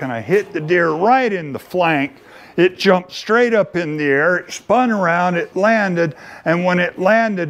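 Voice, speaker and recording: A man telling a homespun childhood story at an open mic, in an unhurried, playfully earnest folksy manner. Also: a little high. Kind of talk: folksy spoken storytelling to an audience.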